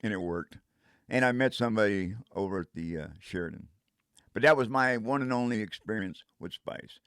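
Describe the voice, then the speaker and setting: A man's voice: fairly low pitch, normal speed, fairly bright tone, clear, resonant tone, no echo, studio quality. An older man telling a casual first-person story in a rambling way, breaking into vocal sound effects.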